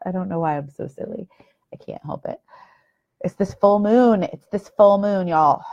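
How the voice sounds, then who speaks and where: A woman's voice: fairly low pitch, darkish tone. Chatty, exasperated woman on a lo-fi livestream. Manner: chatty, self-mocking, exasperated, swears freely. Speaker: host. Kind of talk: casual live video chat. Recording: slightly dull, lo-fi livestream audio.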